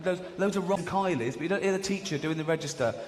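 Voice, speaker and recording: Comedian mocking on stage. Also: male voice, fast. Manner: chatty, mocking, laughs at his own jokes, swings into high-pitched mock voices. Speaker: stand-up comedian. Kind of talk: stand-up comedy routine. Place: large theatre with live audience. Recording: echoey hall with audience noise.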